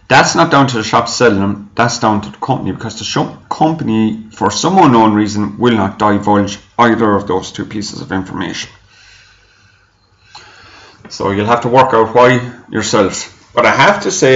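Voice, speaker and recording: A man with a fairly low voice talks through a product review in a loose, rambling way, often stopping to correct himself. The sound is dull and lo-fi, with the echo of a bare room around him. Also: fairly bright tone. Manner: chatty, rambling, self-correcting. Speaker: e-juice reviewer.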